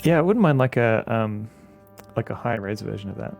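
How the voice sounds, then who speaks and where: A man's voice: on the low side, animated, normal speed, vocal fry, darkish tone, soft background music. A man streaming a video game, chatting casually and joking at his own expense, often stammering and repeating words. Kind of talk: casual gameplay commentary.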